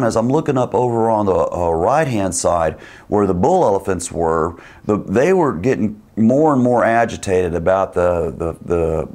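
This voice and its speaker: A man telling a rambling, lively anecdote in casual speech, acting out quoted dialogue. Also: deep voice.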